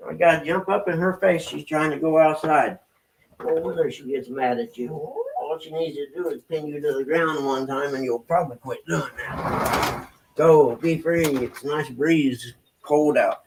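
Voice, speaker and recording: Gravelly folksy man, a bit winded. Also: a little high, moderate pace, slight background noise, low-quality recording. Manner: folksy, talks to his pets and chat viewers. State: out of breath. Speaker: livestreamer. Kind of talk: casual livestream chat.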